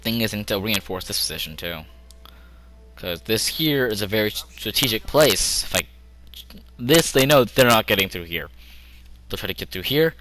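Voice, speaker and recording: A young man rambles and jokes while playing a strategy game at his computer, often talking to himself in casual gameplay commentary. His voice sits on the low side, pushed and bright, with lively intonation, normal speed and long pauses. The recording is low quality, with faint music in the background.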